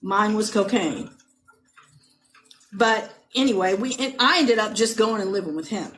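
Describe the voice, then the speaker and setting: A middle-aged woman from California, a podcast guest giving a personal testimony, speaking in halting, emotional bursts with repeated words and restarts. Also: mid-range voice, fairly bright tone, a little hiss or hum. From United States (California).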